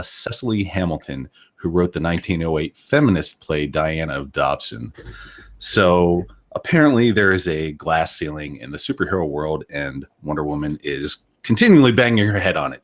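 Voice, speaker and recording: A man co-hosting a casual podcast, laid-back and sardonic, laughing often. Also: sits low. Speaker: podcast co-host.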